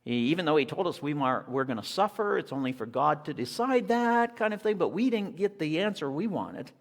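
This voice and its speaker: A man's voice: a little high, big pitch swings, brisk. A man voicing two grumbling disciples in a complaining, aggrieved way, recorded in an echoey hall.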